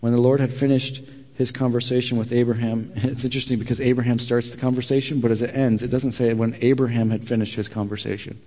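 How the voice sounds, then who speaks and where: A man preaching a sermon, telling a scripture story with lively acted-out dialogue and quieter earnest asides. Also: mid-range voice. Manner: animated storytelling, acts out dialogue loudly then drops to quiet earnest asides. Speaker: pastor. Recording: long reverb of a large hall.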